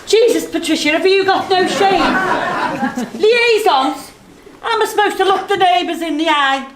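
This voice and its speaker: A woman's voice: very high-pitched, normal speed, a faint crowd, a little hiss or hum. An actress playing a flustered, easily scandalised Liverpool mother. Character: fretful respectable Liverpool mother. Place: theatre stage. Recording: roomy stage sound from far off, faint ambience.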